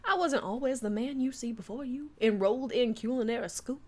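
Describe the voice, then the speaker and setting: A woman doing a proud Southern gentleman. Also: on the high side, a little fast, voice pushed up, close to an everyday voice. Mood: earnest. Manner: earnest, grandiose. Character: proud old male Southern gentleman chef.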